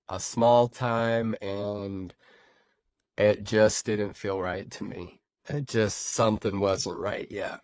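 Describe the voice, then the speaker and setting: A man hosting a podcast, telling his own recovery story in an animated, repetitive way and talking straight to his listeners. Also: lowish voice, dry recording. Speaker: podcast host.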